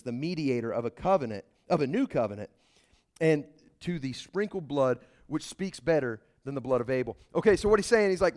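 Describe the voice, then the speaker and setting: Animated high-pitched male preacher. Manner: animated and emphatic, swings between loud outbursts and low asides; casual folksy phrasing with many restarts. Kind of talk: sermon.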